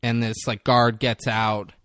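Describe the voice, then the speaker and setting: A man co-hosting a podcast, recapping a movie in casual chat and jumping between quick voices for the characters. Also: mid-range voice, clean tone, no room sound, clean studio sound. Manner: animated retelling with quick voice shifts. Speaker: podcast co-host.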